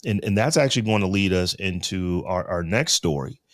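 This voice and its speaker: Low-voiced man hosting a tech podcast. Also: lively intonation, a little fast, no room sound, studio quality. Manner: conversational, leads into segments. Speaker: podcast host. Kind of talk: casual tech podcast chat.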